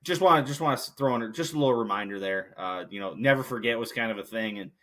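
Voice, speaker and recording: Bright-voiced profane male podcast host. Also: medium pitch, fast talker. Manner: profane, rambling, heated when ranting. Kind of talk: casual sports podcast rant.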